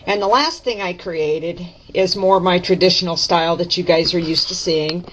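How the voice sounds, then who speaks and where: A woman's voice: lowish voice, moderate pace, a little hiss or hum. A woman chatting casually to camera as she shows her craft projects, correcting herself and explaining each step. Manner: chatty, self-correcting, folksy. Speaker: craft vlogger. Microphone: camera mic. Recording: dull lo-fi camera audio.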